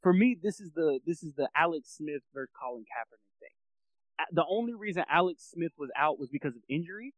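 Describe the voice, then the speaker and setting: A man co-hosting a sports podcast in casual chat, animated and laughing easily, acting out little quotes. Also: on the high side, quick pace, dry recording, low-quality recording. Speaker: podcast co-host.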